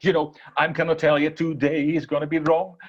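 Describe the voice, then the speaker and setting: A man voicing an excited young boy who plots to trick an old man. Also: fairly high pitch, a little fast, muffled recording, close to an everyday voice. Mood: excited, scheming. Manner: excited, plotting. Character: eager scheming young boy.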